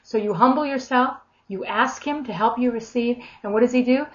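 A middle-aged woman giving an informal sermon, lively and expressive, acting out the voices she quotes. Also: fairly high pitch, normal speed. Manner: animated, acts out quoted voices with big swings in loudness. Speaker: preacher. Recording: dull lo-fi recording.

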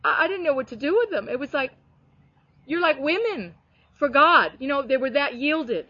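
Earnest woman guest with a fairly high voice, telling animated faith stories on a dry, dull-sounding recording. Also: normal speed, no room sound. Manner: heartfelt, animated storytelling, many restarts. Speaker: guest sharing ministry stories. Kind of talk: earnest conversational testimony.

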